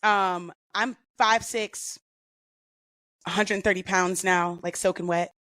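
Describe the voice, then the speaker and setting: A woman guest on a podcast, telling stories in a casual, profane and animated way with lots of slang. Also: lowish voice, slow, no room sound. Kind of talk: casual storytelling.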